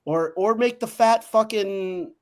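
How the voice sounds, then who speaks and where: Man, blunt crude sports banter, somewhat high pitch. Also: slow pace, darkish tone. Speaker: podcast co-host. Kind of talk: casual sports talk.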